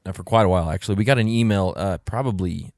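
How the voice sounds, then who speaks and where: Man, podcast co-host, low voice, casual chat, relaxed, dry close sound. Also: quick pace, no echo. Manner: relaxed, filler-heavy, reads listener email aloud.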